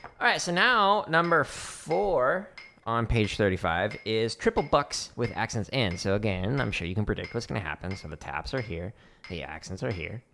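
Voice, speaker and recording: In a home practice room, a man teaches drumming on a casual practice stream, counting beats aloud and tossing playful asides to himself. His lowish, gravelly voice is expressive and moves at normal speed over a little hiss or hum. Loud drum clicks and taps sit behind his voice.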